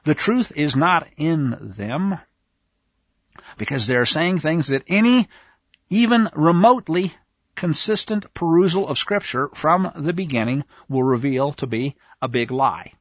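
A man leads a conversational Bible study in a high voice that leaps around his range. He is emphatic and speaks straight to his listeners. The recording is dry and a little dull. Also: a little slow, dry recording. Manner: animated, emphatic, talks to listeners directly. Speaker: Bible teacher.

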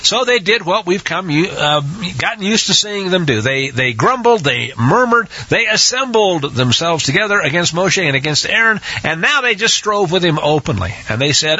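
A man's voice: high-pitched, very animated, normal speed, few pauses, bright, forceful tone, slightly rough, no echo. A man teaching a scripture study, hesitant with many restarts and acting out the quotes, on a dull lo-fi recording. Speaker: Bible teacher.

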